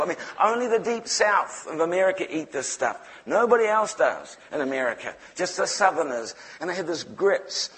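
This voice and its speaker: Kiwi preacher guy telling a funny testimony, fairly high voice, lively delivery. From New Zealand. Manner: animated, humorous storytelling. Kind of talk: testimony sermon.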